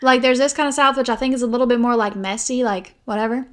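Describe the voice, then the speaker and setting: A young woman with a fairly high voice co-hosts a podcast. She chats in a loose, rambling way and giggles often, with "like" in nearly every sentence. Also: quick pace. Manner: rambling, giggly, heavy use of "like". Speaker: podcast co-host. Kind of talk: casual chat.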